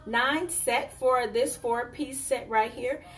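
A woman hosting a live jewelry sale, chatting casually and warmly addressing viewers as y'all and honey. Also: on the high side, slow pace, far from the mic, faint music behind.

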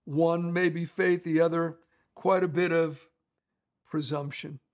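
A man's voice: fairly high pitch, fairly even intonation, a little slow. A middle-aged male pastor preaching in a folksy, storytelling way, with frequent restarts and fillers. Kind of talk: conversational sermon storytelling.

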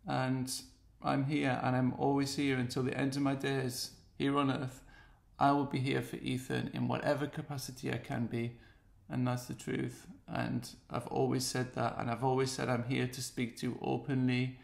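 A man's voice: mid-range voice, level tone, normal speed, vocal fry, echoey room. An English man with an earnest, heartfelt and pleading manner, speaking straight to the camera in a personal video message.

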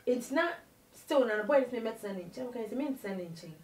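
A woman's voice: on the high side, fast, roomy sound, recorded from a distance, rough recording. Woman telling her life story. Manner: animated storytelling, mixing Twi and English. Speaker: interview guest. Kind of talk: personal life story told in an interview.

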